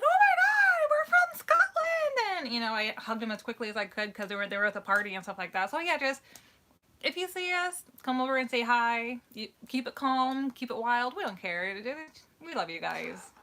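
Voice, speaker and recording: A woman co-hosting a live Q&A stream, chatting casually and telling stories in an animated way with easy laughs. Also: a little high, a little hiss or hum. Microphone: live-stream microphone.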